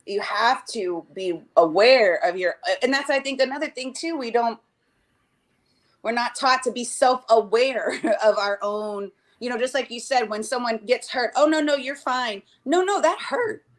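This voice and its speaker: A woman's voice: a little high, unhurried. Rambling woman on a stream call. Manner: rambling, with many restarts and acted-out quotes. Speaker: mother discussing cardology. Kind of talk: casual chat. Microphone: remote call.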